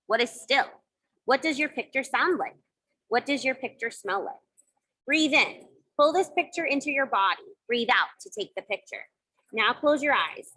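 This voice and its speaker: Woman, kids yoga teacher, bright clear voice, gentle and encouraging, playful. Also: high-pitched, low-quality recording. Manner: gentle, encouraging instructions with playful sound effects. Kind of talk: guided kids yoga and mindfulness.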